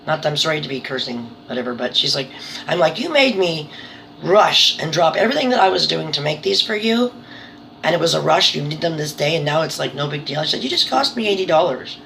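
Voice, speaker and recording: Speaking low and creaky with a fairly bright tone, this middle-aged vlogger talks to camera from her living room about her small home business. She tells exasperated stories in a chatty way, breaking into laughter at how unbelievable they are. Audio quality is poor, with a little hiss or hum.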